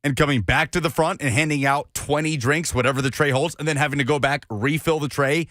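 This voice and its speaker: A man's voice: on the high side, steady tone, brisk, a bit bright, no room sound, clean studio sound. A man co-hosting a sports radio show, joking and opinionated in casual banter. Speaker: radio co-host.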